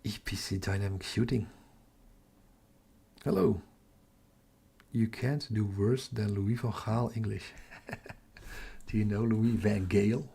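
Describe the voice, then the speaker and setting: A Dutch man from the Netherlands hosts a casual astrophotography livestream, reading comments and muttering to himself as he tracks captures. His voice is lowish, slow, creaky, mellow and husky, with frequent pauses. He comes across as chatty.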